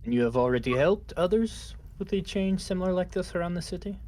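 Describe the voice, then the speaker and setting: A man's voice: high voice, lively intonation, a little fast, darkish tone. A man playing a tabletop role-playing game, asking questions in a courteous, formal manner. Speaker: player. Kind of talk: in-character tabletop role-play.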